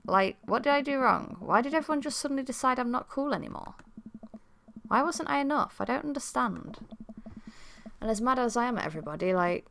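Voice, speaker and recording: A woman voicing a sad teenage girl who confides in her dad, talking in a rambling, hurt, rushed way. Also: fairly high pitch, animated, vocal fry, a bit bright, slight background noise, pitched above the performer's own voice.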